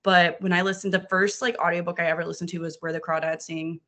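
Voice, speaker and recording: A woman from New Orleans chatting casually on a podcast, animated, swearing freely and acting out her own reactions as she talks. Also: fairly low pitch, quick pace.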